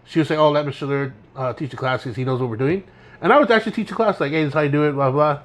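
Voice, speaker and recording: A man's voice: on the high side, very fast. Laid-back young man telling stories. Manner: laid-back, rambling, laughs through his stories. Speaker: podcast co-host. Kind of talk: casual storytelling chat.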